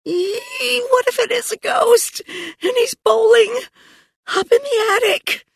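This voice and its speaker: A woman voicing an excitable, dramatic young girl in an audiobook, with high, breathless exclamations. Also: slow pace, gravelly, no echo, clean studio sound, heavily acted. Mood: spooked. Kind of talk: audiobook character voice.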